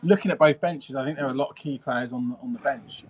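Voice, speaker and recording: A man's voice: mid-range voice, fast talker, slightly rough, no room sound. A man doing casual, jokey co-commentary on an amateur football match, full of gossipy asides.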